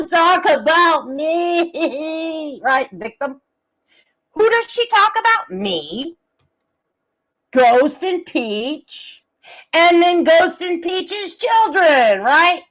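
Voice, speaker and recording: A woman's voice: high voice, rough recording. A woman streamer giving a heated, profane, confrontational rant full of rhetorical questions. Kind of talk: angry drama commentary rant.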